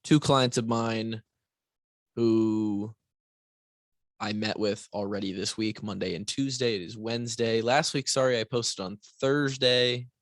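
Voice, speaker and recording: Low-voiced man rambling on a podcast. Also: fairly even intonation, a little slow, no room sound. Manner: rambling, restarts and asides, frequent "right?". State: tired, yawning. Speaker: podcast host and fitness coach. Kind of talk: casual solo podcast talk.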